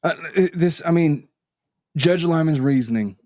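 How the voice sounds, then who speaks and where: A man's voice: on the high side, moderate pace, darkish tone, no echo, studio quality. A man hosting a legal podcast, talking conversationally and repeating words as he starts sentences. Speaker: podcast host.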